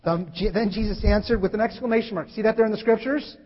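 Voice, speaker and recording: Male preacher, high-pitched, animated sermon delivery; dull hall recording with long reverb. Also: quick pace. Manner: animated, acts out scripture quotes with sudden loud shifts. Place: church hall.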